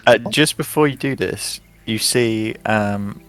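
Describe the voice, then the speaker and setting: A man running a tabletop role-playing game as game master, narrating scenes in a relaxed way. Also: on the low side, takes it slowly, clear, resonant tone, faint music behind. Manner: relaxed, descriptive narration with fillers.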